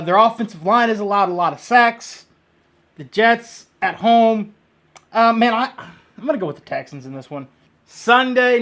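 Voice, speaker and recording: Male sports-picks vlogger, high-pitched, blunt and excitable, casual jokey delivery. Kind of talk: casual football picks monologue.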